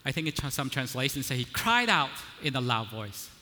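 A man's voice: mid-range voice, big pitch swings, a little fast, pushed and bright, soft background music. A man preaching a sermon in a conversational way, often checking in with the listeners and building up to emphatic declarations. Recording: long hall reverb.

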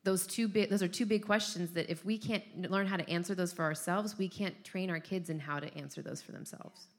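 A woman's voice: lowish voice, fairly even intonation, a little fast. A woman co-hosting a casual parenting chat, thinking aloud in a relatable way with restarts.

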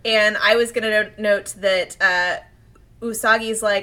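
A woman co-hosting a casual podcast chat, animated and laughing often as she acts out quotes. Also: mid-range voice, measured pace. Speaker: podcast co-host. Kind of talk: casual chat comparing anime versions.

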